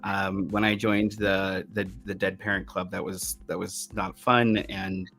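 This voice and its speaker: A man's voice: low-pitched, little pitch movement, unhurried, fairly bright tone, soft background music. A man who is a medium, telling a long tarot story in casual podcast chat, rambling with frequent restarts. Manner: rambling, with many restarts and fillers. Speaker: medium giving a tarot reading.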